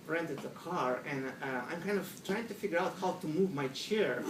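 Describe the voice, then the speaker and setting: A middle-aged man with a Russian accent tells a humorous story to an audience. He is animated, acts out panicked quotes, and speaks slightly broken English. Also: fairly high pitch, fairly quick, hardly any pauses. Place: room with a live audience. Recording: echoey room from far off, noisy ambience.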